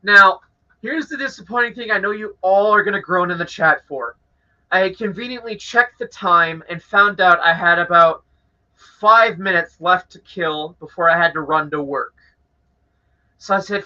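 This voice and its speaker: A young man from Canada hosting a live stream, telling an annoyed story to his chat in a casual, animated way with swearing. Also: high voice, moderate pace. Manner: animated, swearing, acts out angry voices. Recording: dull lo-fi audio.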